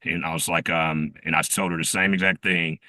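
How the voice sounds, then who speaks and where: A man's voice: deep voice, level tone, fairly quick, pushed and bright, no room sound. A man on a group video call, recounting his week in a rambling way, full of fillers and restarts. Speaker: team member sharing a reflection. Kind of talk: casual storytelling on a group call.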